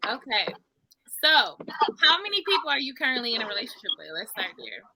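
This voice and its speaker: A woman's voice: fairly high pitch, very animated, bright, forceful tone. A woman co-hosting a podcast, joking around and interviewing a guest in casual chat. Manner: joking, quick, asks questions. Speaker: podcast co-host.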